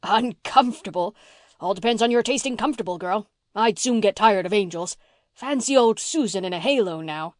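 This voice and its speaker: A woman voicing a blustering, gruff old farmer man in an audiobook, bossy and teasing, repeating himself as he talks. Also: medium pitch, expressive, moderate pace, no room sound, clean studio sound, natural voice. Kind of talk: audiobook reading.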